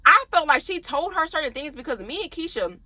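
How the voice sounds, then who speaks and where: A young adult woman chatting casually to her viewers, telling an animated storytime about her past. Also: sits high, a little fast, no echo. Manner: animated, talks straight to viewers.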